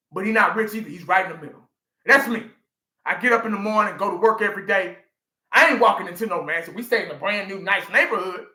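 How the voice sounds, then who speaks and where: Brief: fan vlogger, man, 40s, profane and repetitive, forceful bright voice. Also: high-pitched, echoey room. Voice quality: profane, emphatic, repeats himself. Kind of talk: ranting live reaction.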